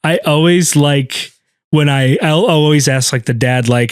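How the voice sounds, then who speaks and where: A man's voice: on the high side, a little slow, smooth, no room sound, clean studio sound. A man co-hosting a podcast as a wedding videographer, talking in an easygoing, chatty way with frequent laughs. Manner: easygoing, laughs often, lots of fillers. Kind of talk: casual chat.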